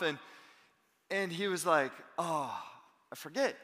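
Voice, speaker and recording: A man in his thirties, a pastor preaching a sermon in animated storytelling style. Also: high-pitched, moderate pace, long pauses, long reverb tail. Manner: animated storytelling, acting out quotes. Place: church sanctuary.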